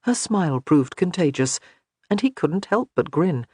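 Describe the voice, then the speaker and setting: A man narrating an audiobook in a measured, expressive reading. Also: on the high side, breathy edge, no room sound, clean studio sound.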